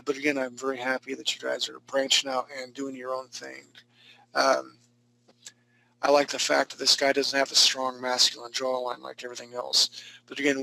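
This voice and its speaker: A man's voice: mid-range voice, creaky, bright, forceful tone, low-quality recording. A man teaching a live online drawing class, giving casual, encouraging critiques of students' work with jokes and frequent restarts. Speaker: art instructor.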